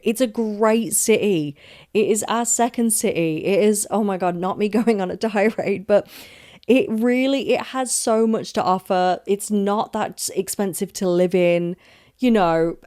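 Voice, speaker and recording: Young woman, solo podcast host, rambling casual rant, swears a lot, mid-pitched voice. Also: a little mellow. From London. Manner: chatty, rambling and emphatic, with frequent swearing and self-asides.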